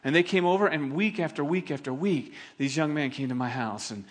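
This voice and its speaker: A middle-aged male pastor preaching a sermon, telling stories in an animated, laughing way. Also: a little high, brisk.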